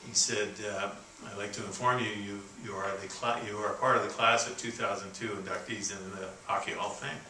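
A man in his sixties from Canada giving a keynote speech, telling stories in a folksy, halting way full of fillers and restarts. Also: fairly low pitch, fairly even intonation, very noisy. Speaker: keynote speaker. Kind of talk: storytelling speech. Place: conference hall. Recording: roomy, distant venue recording with faint ambience.

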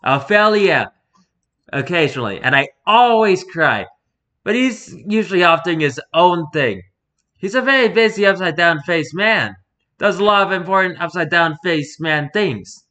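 A man's voice: high-pitched, expressive, moderate pace, bright, forceful tone. A man voicing a mocking, talkative male circus performer who rambles theatrically, read from an interview. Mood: rambling. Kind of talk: reading an interview aloud in character.

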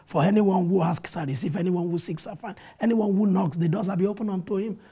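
This pastor, appearing in a TV studio, has a high, warm, slightly rough voice and talks fast. His testimony comes out earnest and lively as he quotes scripture and relives events for the interviewer.

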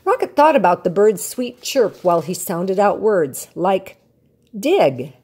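A woman's voice: mid-range voice, a little slow, husky. Older woman reading a storybook aloud. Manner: warm, expressive storytelling cadence. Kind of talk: children's picture book read-aloud.

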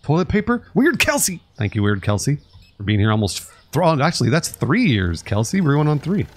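A man streaming a store game and talking to his chat, sarcastic and grumbling with plenty of swearing. His pitch swings widely from low mutters to high outbursts, in casual live commentary. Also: very animated, a little fast, darkish tone. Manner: talks to chat and customers. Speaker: streamer playing a store sim.

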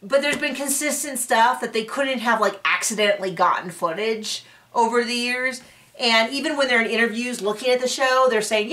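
A woman's voice: a little high, fairly quick, a bit bright, recorded from a distance. A young woman recapping a reality TV episode in casual commentary, sarcastic and exasperated, now and then mocking people in put-on voices. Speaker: recap reviewer.

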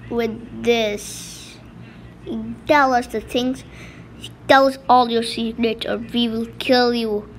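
A bossy kidnapper who barks the same threats over and over, played by a woman. The voice sits high and the delivery is slow. Faint room noise runs underneath this homemade role-play. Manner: bossy, repeats threats and orders. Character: threatening male kidnapper gang boss.

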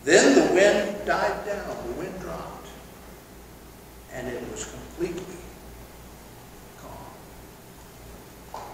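A man preaching a sermon in a church, animated, acting out quoted lines in a loud voice. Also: fairly high pitch, very slow, pauses often. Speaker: pastor. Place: church sanctuary. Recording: echoey hall from far off, noisy.

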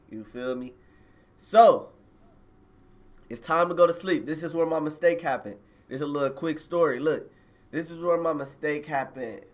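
Casual male streamer, a touch high-pitched, loose slangy storytelling to his audience over a phone mic. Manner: slangy, rambling, addresses viewers directly. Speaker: live streamer telling a personal story.

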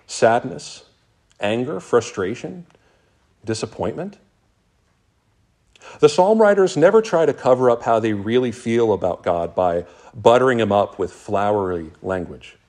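A man preaching a sermon as pastor, reading scripture passages aloud with earnest, dramatic pauses. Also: medium pitch, darkish tone.

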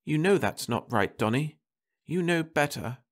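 Man putting on a tired wife's voice, raised higher, soft, strained, pleading. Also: animated, a little slow. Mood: pleading softly. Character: weary, pleading middle-aged wife at a sickbed.

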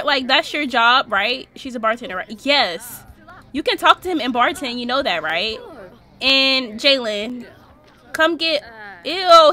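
A young woman casually commenting on her life-simulation gameplay, slangy and animated, reacting and laughing at what happens on screen. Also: high-pitched. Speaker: Sims let's-play host.

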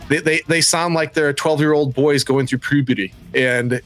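Profane, excited podcast co-host man. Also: a little high, soft background music. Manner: profane, enthusiastic, quick to laugh. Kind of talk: casual chat.

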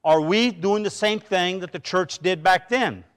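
Man, high voice, middle-aged pastor, conversational sermon, church. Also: measured pace, a bit bright, smooth. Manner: conversational preaching with personal anecdotes and restarts. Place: church sanctuary.

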